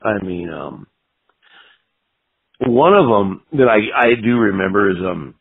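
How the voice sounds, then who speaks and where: A man's voice: on the low side, animated, takes it slowly, gravelly, husky, no room sound. Interview guest, man in his 50s, rambling storyteller, dry close sound. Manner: rambling, profane, lots of "you know". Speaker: punk guitarist interview guest. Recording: tinny phone-like audio.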